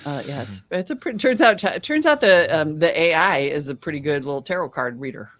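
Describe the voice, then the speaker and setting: A woman's voice: deep voice, animated, brisk, fairly bright tone. A woman co-hosting a podcast, joking and laughing in casual chat. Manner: playful, laughing banter. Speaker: podcast co-host.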